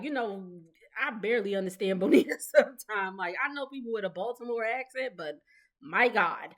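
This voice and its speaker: A woman in her thirties gives a gossipy, casual recap of a reality TV episode. She talks in a loose, chatty way, laughs often and slips into quick imitations of the cast. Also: a little high, animated. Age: 30s. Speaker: recap vlogger.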